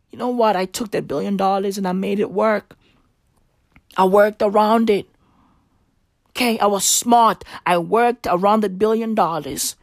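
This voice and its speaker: A woman's voice: mid-range voice, no room sound, studio quality. A woman doing a rambling, profane comic monologue in a slangy dude persona.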